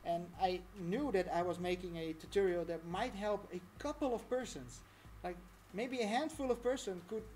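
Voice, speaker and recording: A chatty woman streams a relaxed tutorial at a middle pitch, rambling between topics. She often laughs at herself as she talks. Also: normal speed, a little hiss or hum. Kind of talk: casual live-stream tutorial chat.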